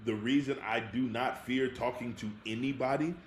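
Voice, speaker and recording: A married man co-hosting a podcast, telling lively stories in casual chat and laughing often. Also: medium pitch, normal speed. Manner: animated storyteller, laughs often. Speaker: podcast co-host. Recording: echoey room with faint hiss.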